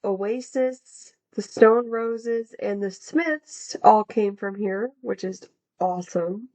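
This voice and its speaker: A woman's voice: medium pitch, takes it slowly, darkish tone. A young American woman co-hosting a podcast, reading researched facts in a casual, chatty way with plenty of fillers. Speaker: podcast co-host. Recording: dull lo-fi sound.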